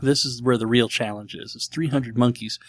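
A young man hosting his podcast in a casual, jokey, self-mocking way, full of quick asides. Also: medium pitch, steady tone, no echo. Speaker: podcast host.

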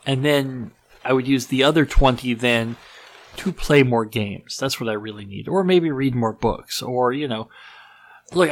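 A man's voice: medium pitch, a bit bright, poor audio. A man hosting a casual podcast, talking in a loose, rambling way with plenty of restarts and self-deprecating asides. His nose is stuffed up, giving his ordinary mid-range voice a slightly congested sound. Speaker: podcast host.

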